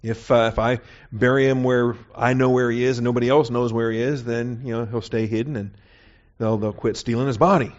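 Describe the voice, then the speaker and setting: A man's voice: medium pitch, steady tone, fairly quick. A man teaching a verse-by-verse Bible lesson in a conversational way, often checking in with his listeners. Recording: dull, lo-fi recording.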